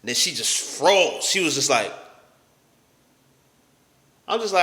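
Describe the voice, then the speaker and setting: A young man vlogs a storytime from his own life in a mid-range, slightly bright voice with lively intonation. He speaks unhurriedly with long pauses, uses lots of slang, stammers, and acts out the other voices. The room is echoey with long reverb.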